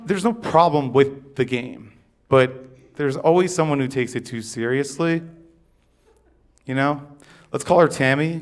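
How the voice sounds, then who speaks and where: A man doing stand-up in a dry conversational way, teasing the crowd between jokes. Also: medium pitch. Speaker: stand-up comic. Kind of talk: stand-up set. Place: comedy club stage.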